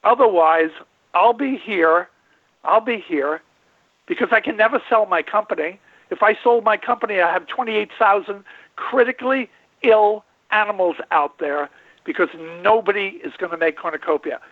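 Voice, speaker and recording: A man's voice: sits high, normal speed, no echo. A man in his late seventies hosting a call-in radio show, rambling and emphatic, repeating himself for effect. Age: 70s. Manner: rambling, folksy, emphatic with repetitions. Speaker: radio show host and veterinarian. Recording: tinny phone-line audio.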